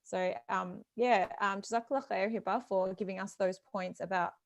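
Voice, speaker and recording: A woman's voice: mid-range voice, steady tone, moderate pace, gravelly, dry recording. A woman hosting a live online talk, speaking emphatically and encouragingly, heard over a video call. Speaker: host.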